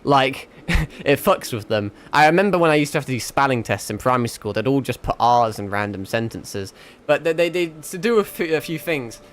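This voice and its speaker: A man's voice: medium pitch, animated, fairly quick, a bit bright. A young man with a mixed northern English accent, chatting casually to his livestream while gaming, rambling, swearing and laughing often. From England. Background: faint background music.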